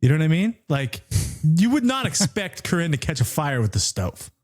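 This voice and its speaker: A middle-aged podcast co-host tells a story as an animated rant at a normal speed, cursing freely and pitching his voice up high whenever he repeats what other people said.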